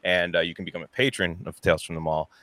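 Male podcast host, slightly low, bright tone, dry sound, rambling casual chat. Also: steady tone, fast, no echo. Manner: rambling, laughing storyteller.

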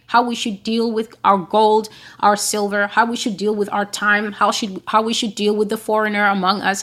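A woman's voice: mid-range voice, a bit bright. A woman giving a prophetic teaching monologue, emphatic and repeating phrases for stress.

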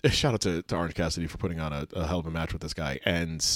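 Man, very deep voice, excitable, halting, casual co-host, dry close recording. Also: dry recording. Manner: excitable, halting with many fillers and restarts. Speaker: podcast co-host. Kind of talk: casual wrestling chat.

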